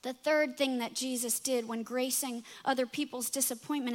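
A woman in her thirties preaching a sermon, telling stories with lively acted-out voices. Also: high voice, normal speed, few pauses. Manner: animated storytelling, acting out voices in quotes. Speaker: pastor.

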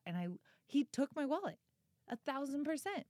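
A woman's voice: high-pitched, very animated, moderate pace, darkish tone, dry recording, clean studio sound. A woman of about thirty chatting casually on a podcast, telling a story with lots of energy, fillers and swearing. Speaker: podcast co-host and author. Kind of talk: casual chat.

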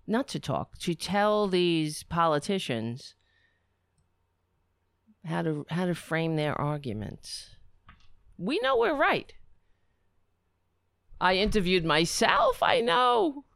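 A woman's voice: fairly low pitch, creaky, fairly bright tone, dry recording. A woman hosting a casual livestream chat, rambling, swearing and putting herself down. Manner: self-deprecating, rambling, swears a lot. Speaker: livestream host.

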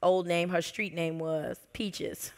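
A woman pastor preaching a sermon, telling a story with lively expression and dropping to soft whispers at tender moments. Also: on the low side, slow, a little hiss or hum.

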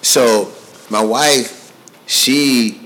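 A man's voice: mid-range voice, drawn-out words, sharp tone, a little hiss or hum, poor audio. A man in his thirties hosting a podcast, telling a story in a casual, slangy way and repeating himself for emphasis. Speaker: podcast host. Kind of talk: casual chat.

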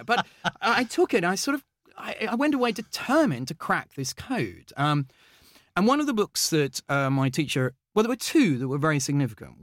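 An English-raised man as an interview guest, recounting his past with eager, animated energy and plenty of filler words and false starts. His voice sits a touch high for a man, recorded close and dry with no room sound. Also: no echo. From England. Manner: eager, animated storytelling with many fillers and restarts. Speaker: guest, mathematician. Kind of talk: conversational interview storytelling.

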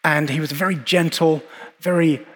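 A man preaching a sermon in an earnest, reflective way, with measured pauses and repeated phrases. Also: a little high, steady tone, a bit bright. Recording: long hall reverb.

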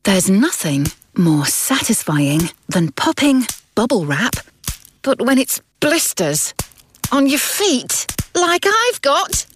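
A woman's voice: fairly high pitch, slow pace, long pauses, a little hiss or hum, pitched above the performer's own voice. A woman voice artist reading playful radio commercials over a music bed. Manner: playful, lively. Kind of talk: scripted radio ad read.

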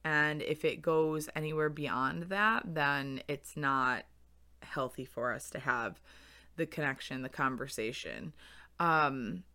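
A young woman hosts a podcast on her own and talks in a candid, reflective way, laughing easily. Her voice sits low in pitch but has a bright, crisp edge. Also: slow. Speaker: podcast host. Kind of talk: solo podcast talk.

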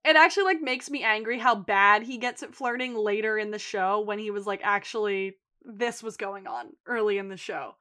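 A woman's voice: medium pitch, normal speed, few pauses. A young woman co-hosting a podcast, retelling TV scenes in casual chat and quoting the characters. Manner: animated retelling, quotes characters. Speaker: podcast co-host.

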